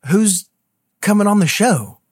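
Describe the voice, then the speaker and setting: A man hosting a comedy show, complaining in quick, exasperated, cursing banter. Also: high voice, big pitch swings, slightly rough. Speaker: podcast host.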